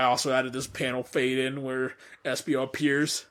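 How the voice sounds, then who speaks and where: A man's voice: medium pitch, level tone, normal speed, a bit bright, clear, resonant tone. A man giving a casual, rambling director's commentary on his fan dub, laughing often, into a condenser mic. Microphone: USB condenser mic.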